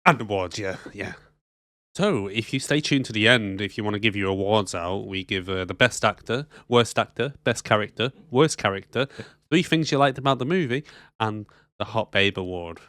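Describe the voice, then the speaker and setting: A man's voice: on the low side, moderate pace, a bit bright, no room sound, studio quality. A man co-hosting a casual movie podcast, chatty and jokey, laughing often. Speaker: podcast co-host.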